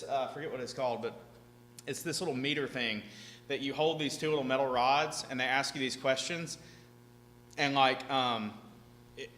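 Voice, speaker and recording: A man speaking to a seminar audience in a large hall, animated and chatty, often checking in with "right?". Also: on the high side. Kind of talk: lively seminar talk to an audience. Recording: echoey hall, faint hum.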